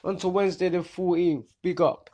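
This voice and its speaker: Over soft background music, a young man with a London accent hosts a podcast, delivering an animated, casual rant packed with street slang. His voice is high and his pace moderate.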